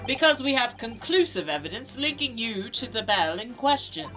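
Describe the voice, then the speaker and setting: A woman's voice: fairly high pitch, very animated, moderate pace, poor audio. A woman voicing a grand, theatrical detective. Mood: grandiose. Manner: reads game dialogue aloud dramatically. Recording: game music behind.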